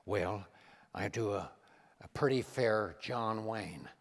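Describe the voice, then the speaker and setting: A man impersonating a genial older male president, speaking low, soft and hesitant. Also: slow pace. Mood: modest. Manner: hesitant, murmured, trailing delivery. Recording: long hall reverb.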